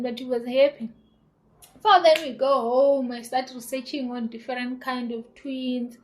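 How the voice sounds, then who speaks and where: A woman's voice: high-pitched, moderate pace, low-quality recording. South African woman in her twenties. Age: 20s. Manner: animated retelling with quoted dialogue and laughter. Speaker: YouTuber. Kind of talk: casual storytelling to camera.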